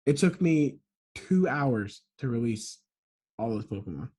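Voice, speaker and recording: A man's voice: mid-range voice, expressive, unhurried, a little mellow, husky. Casual male co-host, rambling storyteller who corrects himself mid-sentence. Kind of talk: casual chat.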